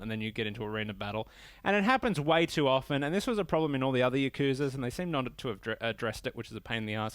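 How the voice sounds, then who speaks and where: A man hosting a casual solo podcast, rambling and swearing as he rants with lively swings in pitch. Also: fast talker, dry recording, clean studio sound. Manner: rambling, profane, animated rants. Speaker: podcast host reviewing games.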